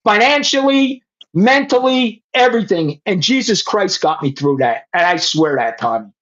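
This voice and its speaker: A man's voice: high-pitched, animated, normal speed, a bit bright. A middle-aged man, a former police chief, telling his faith story in blunt, profane words and speaking straight to the host. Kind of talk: emotional personal testimony. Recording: slightly muffled lo-fi sound.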